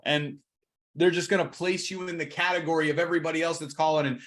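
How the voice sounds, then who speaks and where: A man coaching real estate agents in a training talk, energetic, restarting words and slowing for emphasis. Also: a little high.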